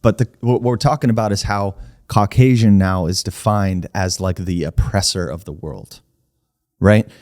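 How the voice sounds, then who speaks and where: A man co-hosting a casual podcast, arguing his points with emphasis and pushing back hard. His voice sits a little low. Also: normal speed, darkish tone. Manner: argumentative, emphatic, pushes back. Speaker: podcast co-host. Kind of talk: casual debate chat.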